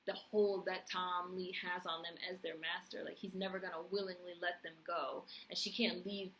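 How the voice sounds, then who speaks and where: A woman's voice: lowish voice, little pitch movement, normal speed, a bit bright, poor audio. Brief: young woman, casual review vlog, blunt and fired up, faint background hiss. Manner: passionate, blunt, swears freely. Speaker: TV review vlogger. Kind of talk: casual recap and commentary.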